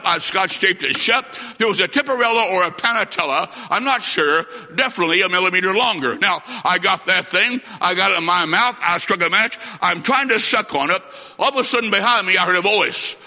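A man's voice: high-pitched, bright, forceful tone. A middle-aged man preaching a sermon, telling a childhood story with emphatic, repeated phrases. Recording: dull recording in a reverberant hall.

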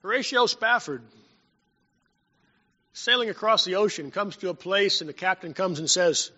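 A man preaching a sermon as pastor, telling stories and swinging between loud and hushed. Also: high voice, lively intonation, normal speed, pauses often. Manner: storytelling preacher, rising and dropping in volume. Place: church sanctuary. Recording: dull sound in a long-reverb hall.

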